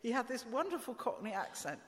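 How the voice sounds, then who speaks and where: A woman's voice: a little high, big pitch swings, a little fast. A woman giving an informal, conversational sermon with asides and fillers. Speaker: preacher. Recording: long church reverb.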